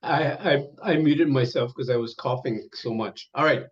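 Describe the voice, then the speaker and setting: An older man teaching an online language lesson, speaking slowly and patiently and repeating each word several times over a video call. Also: mid-range voice. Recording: dull lo-fi webinar audio.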